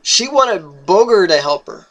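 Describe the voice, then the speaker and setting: A young man with a notably high voice tells a personal story at an unhurried, deliberate pace. He speaks earnestly and haltingly, stumbling over and repeating words as he searches for them. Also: lively intonation, fairly bright tone.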